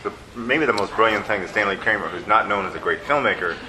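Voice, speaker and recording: A man interviewing someone in casual film talk speaks fast in a fairly low voice, musing and hesitant and often trailing off with fillers. The low-quality recording carries crowd noise and clattering dishes.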